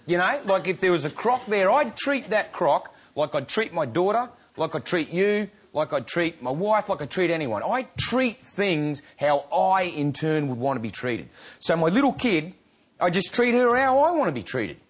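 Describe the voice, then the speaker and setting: A man in his thirties with an Australian accent, a guest telling stories in an animated, laughing, slang-filled way. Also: high voice, normal speed, slightly rough. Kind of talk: casual interview chat.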